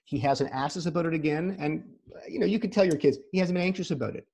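A man with a somewhat high voice that is gravelly and husky, talking as a therapist guest on a video call. He gives advice in a casual, conversational way, often repeating words as he starts a sentence and setting his points out step by step. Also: quick pace, darkish tone. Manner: explains in numbered practical steps.

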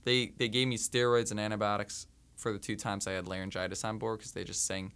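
A male singer hosting a casual chat, jokey and excitable, often saying dude and man. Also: on the low side, brisk, clear, resonant tone. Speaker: host.

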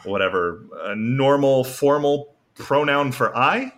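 A man with a bright, forceful voice co-hosts a loose, casual podcast. He rambles and fills his talk with "uh" and "um" while he explains language basics. His pitch sits in an ordinary middle range. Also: animated, slow pace. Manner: rambling, filler-heavy, explains Japanese basics. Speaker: podcast co-host.

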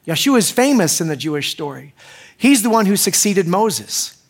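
A man's voice: high-pitched, very animated, moderate pace, breathy edge. A middle-aged man preaching a sermon as pastor, joking and talking straight to the crowd with questions.

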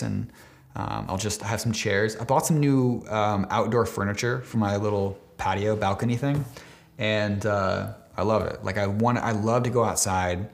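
A man's voice: fairly low pitch, gravelly. A man of twenty-nine talking casually and emotionally to camera, rambling with many fillers and restarts, swearing now and then, choked up at times. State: near tears, choked up at times. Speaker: vlogger. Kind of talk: casual heartfelt talk to camera.

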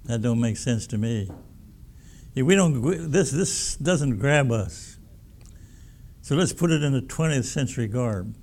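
A man preaching with a gravelly, fry-laden voice at an ordinary pitch. He talks in a homespun, emphatic way and doubles back on his words as he builds his points. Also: expressive, a little slow, pauses often, darkish tone. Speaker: pastor. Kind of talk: sermon.

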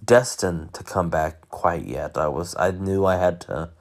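A man's voice: deep voice, measured pace. A man hosting his own podcast, talking alone in a casual, rambling way with many restarts and self-corrections. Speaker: podcast host. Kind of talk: casual solo monologue.

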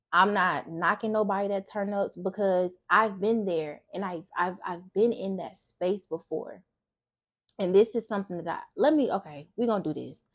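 A young woman, a faith vlogger, shares a candid, emotional testimony about her faith, speaking casually and earnestly and often restarting her sentences. Her voice is lowish and husky.

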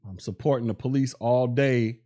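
This podcast host speaks with a warm, medium-pitched voice at a moderate pace. He offers casual, blunt commentary full of mockery, chuckling at his own jokes.

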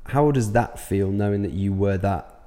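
A man hosts a podcast with a low, mellow voice, asking questions and giving brief, encouraging replies. His voice carries a long reverb, as if in a large room. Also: normal speed. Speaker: podcast host. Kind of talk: interviewer's backchannel and questions.

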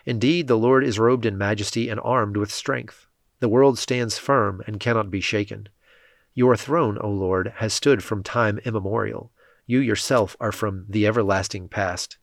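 A man reading scripture aloud as scripted narration, in a steady, measured way. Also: fairly low pitch, creaky, dry recording, clean studio sound. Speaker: scripture reader.

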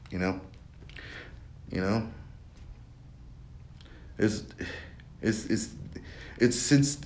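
A man's voice: lowish voice, a little mellow. A young man hosting his own podcast, talking in a rambling, profane monologue that loops back on itself. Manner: rambling, profane, repeats himself. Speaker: podcast host. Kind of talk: casual monologue.

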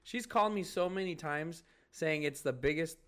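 A man's voice: on the high side, normal speed, a bit bright. A young man co-hosting a podcast, telling rambling stories in casual chat, full of "like", "dude" and swearing. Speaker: podcast co-host.

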